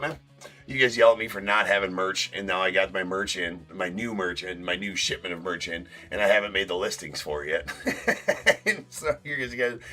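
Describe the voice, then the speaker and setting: A man's voice: mid-range voice, sharp tone. A man hosting a live-stream card break, talking loosely and casually, swearing and then jokingly apologizing. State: sore tooth.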